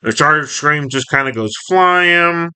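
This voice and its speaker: Chatty man reviewing a comic, bright. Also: on the high side, slow, clean tone. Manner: chatty, rambling, self-correcting. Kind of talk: casual comic reading and commentary.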